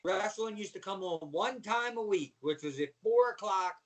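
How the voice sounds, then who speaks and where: Middle-aged ex-wrestler guest from Baltimore, slangy storyteller with a high voice, sitting back from the mic. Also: male voice, normal speed, far from the mic, rough recording. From Baltimore, USA. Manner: animated storyteller, slangy, says "man" a lot. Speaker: podcast guest, former wrestler. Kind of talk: casual storytelling interview.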